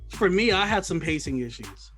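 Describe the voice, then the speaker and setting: A man's voice: fairly high pitch, very animated, normal speed, a bit bright, soft background music. A man co-hosting a podcast, chatting casually about movies and joking as he mimics the people in the films. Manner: joking, mimics characters in quotes. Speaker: podcast co-host. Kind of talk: casual movie review chat.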